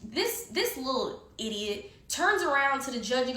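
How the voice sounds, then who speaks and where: A woman telling a story in casual conversation, animated and heated, swearing often, recorded in an echoey room. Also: high voice, moderate pace. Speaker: guest storyteller.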